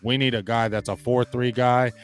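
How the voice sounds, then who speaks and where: A man hosting a live sports talk stream, loud and emphatic, ranting and greeting viewers in the chat. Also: medium pitch, fairly even intonation, normal speed. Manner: trash-talking, loud and emphatic, greets chatters. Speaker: sports show host.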